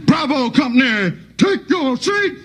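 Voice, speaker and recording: A comedian playing a cold, menacing army drill sergeant who speaks slowly and formally. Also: male voice, extremely high pitch, very animated, voice pushed up, full character voice. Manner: slow, measured, coldly formal. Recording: noisy old TV broadcast.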